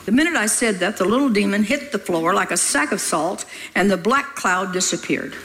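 A woman's voice: medium pitch, animated, normal speed, fairly bright tone. An older woman preaching, telling a story in a folksy, scolding way with laughing asides. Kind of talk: sermon storytelling.

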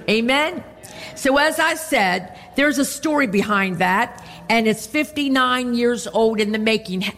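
A woman delivers a sermon from the pulpit, her voice sitting a little high. She preaches expressively and peppers her points with amens. Long reverb from the church sanctuary trails behind her words. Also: fairly bright tone. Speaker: pastor.

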